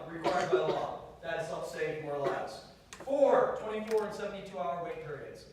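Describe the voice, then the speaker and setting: High-voiced man preaching in an echoey hall. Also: moderate pace, a little hiss or hum. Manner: storytelling, urges the crowd, swings from hushed to loud. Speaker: pro-life speaker. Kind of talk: campus talk to students. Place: university lecture hall. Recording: very echoey hall, far-off mic.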